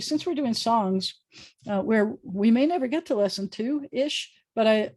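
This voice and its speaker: Chatty woman rabbi teaching on a video call. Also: mid-range voice. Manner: chatty, animated, drawn-out slow pronunciations of words. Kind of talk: casual online language lesson. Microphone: computer mic on a video call.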